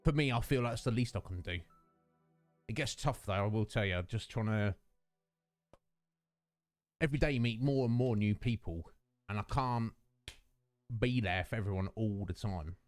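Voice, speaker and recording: A man's voice: on the low side, normal speed, pauses often, faint music behind. A man streaming a game live, chatting affectionately with his viewers and rambling through thoughts with many restarts. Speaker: Twitch streamer.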